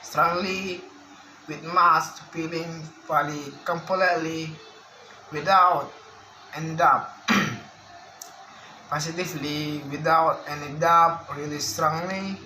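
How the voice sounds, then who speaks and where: Slow, bright-voiced man reading a lesson. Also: on the high side, steady tone. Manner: slow, careful reading of word lists with restarts. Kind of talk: reading a phonetics lesson aloud. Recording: echoey room with faint background hiss.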